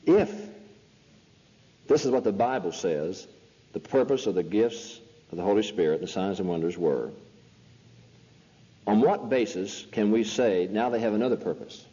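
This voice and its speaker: A man's voice: fairly low pitch, mellow. Man preaching in an echoey lo-fi hall. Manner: emphatic, rhetorical questions. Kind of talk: sermon. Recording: lo-fi hall recording.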